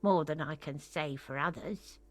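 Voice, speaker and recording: A woman voicing a gossipy, grumbling old cleaning lady from a video game, talking in a chatty, scolding way. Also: measured pace. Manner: chatty, scolding, with sudden high squeals. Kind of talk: voicing game dialogue on a stream.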